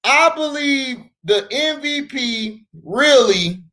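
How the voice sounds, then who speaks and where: Guy hosting a sports livestream, slow easy talk, keeps yelling shout-outs to chat. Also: extremely high pitch, lively intonation. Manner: loud shout-outs to chat viewers between takes.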